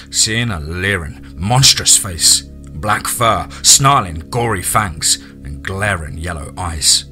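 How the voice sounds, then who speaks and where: A man narrating a horror story theatrically, dropping low and quiet for suspense. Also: husky.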